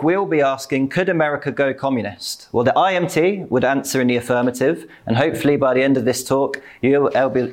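A man delivering a political talk at a middling pitch. He speaks conversationally, with plenty of fillers and restarts and the odd light laugh.

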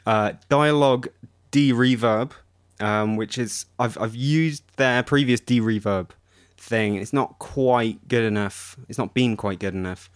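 A man's voice: medium pitch, unhurried, clear, resonant tone, dry recording. Podcast co-host, man, dry close sound, chatty and keen. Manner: chatty, enthusiastic, explains with examples. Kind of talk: casual tech chat.

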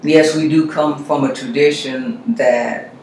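A man, a reverend, talking through faith and health in a measured, reflective way. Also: medium pitch, steady tone, a little mellow. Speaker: reverend, guest. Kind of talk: conversational discussion. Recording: very echoey room, faint noise.

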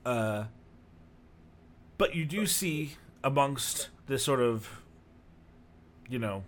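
A man narrating as game master in a tabletop game, describing scenes in a relaxed, rambling way with many fillers. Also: medium pitch, extremely slow, slight background noise.

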